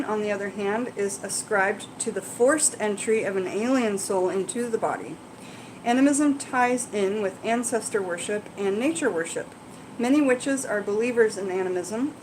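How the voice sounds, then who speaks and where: A woman with a voice of ordinary, middle pitch hosts a casual live Q&A. She reads passages aloud, then wanders into chatty, rambling explanations full of ums and quick asides to viewers. A faint hum of noise sits under her voice. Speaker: herbalism channel host.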